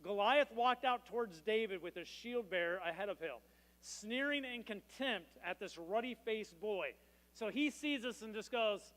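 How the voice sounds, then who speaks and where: Man, pastor, sermon, high voice, relaxed joking delivery, reverberant church. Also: moderate pace. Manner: casual, joking storytelling. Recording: long reverb in a church hall.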